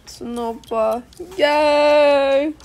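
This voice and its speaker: High-voiced tearful young woman. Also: fairly even intonation, extremely slow, a little mellow. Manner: giggly, emotional, mixing in Korean. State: tearful, crying. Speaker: singer on a livestream. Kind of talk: casual livestream chat. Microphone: phone.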